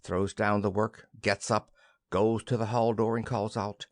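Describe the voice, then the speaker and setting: A man's voice: on the low side, level tone, a little slow, no echo. A man narrating a play as an audiobook, reading the stage directions evenly into a close mic.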